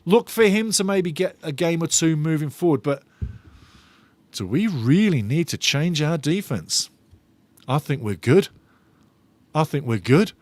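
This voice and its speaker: A man's voice: on the high side, animated, a little slow, long pauses, darkish tone, no echo. A male fan host reading viewers' chat aloud during a live football watch-along, enthusiastic and given to repeating his phrases.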